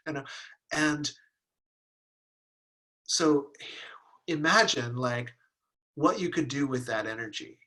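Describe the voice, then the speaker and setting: A man's voice: medium pitch, slow pace, long pauses, bright, forceful tone, rough recording. A middle-aged man teaching a Taoist workshop, talking casually and acting out inner voices with playful laughter. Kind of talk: teaching a live online class.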